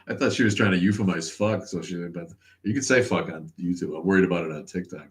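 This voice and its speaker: A man's voice: deep voice, moderate pace. A man hosting a casual livestream chat, sarcastic and profane, who laughs often. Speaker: podcast host.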